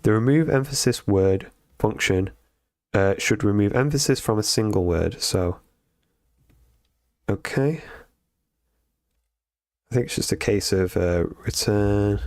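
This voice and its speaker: Low-voiced man thinking aloud while coding. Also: darkish tone, dry recording, studio quality. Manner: thinks aloud with many fillers and self-corrections. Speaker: streamer learning to code. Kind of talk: live coding stream, reading lessons aloud.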